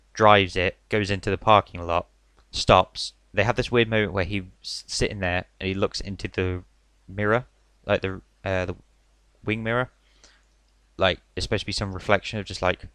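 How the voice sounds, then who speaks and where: Give me a young man chatting loosely through a wrestling recap, with a smooth, dry, close-miked voice. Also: low-pitched, fairly bright tone, no echo. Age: young adult. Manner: chatty, filler-heavy, says "like" and "literally" a lot. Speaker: wrestling reviewer. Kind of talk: casual spoken review.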